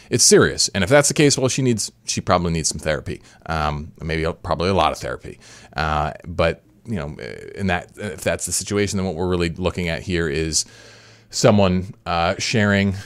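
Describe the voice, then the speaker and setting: A man's voice: low-pitched, a bit bright, no echo. A man hosting a podcast, commenting in a rambling, casual way with frequent restarts. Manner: rambling, self-correcting, repeats words. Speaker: podcast host.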